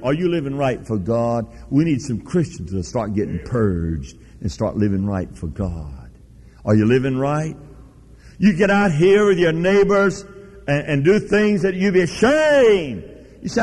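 A man preaching a fiery revival sermon in a church, folksy and teasing, swinging from loud high bursts to low quiet asides. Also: expressive, moderate pace, in a large hall. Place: church sanctuary.

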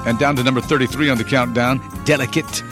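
A man's voice: mid-range voice, steady tone, fast, music in the background. A man hosting a radio countdown, chatting playfully and teasing callers. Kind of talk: upbeat radio DJ patter.

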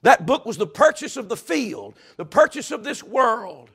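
A man's voice: very high voice, very animated, normal speed, breathy edge. A man preaching a fervent sermon. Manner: fervent, builds to loud climaxes.

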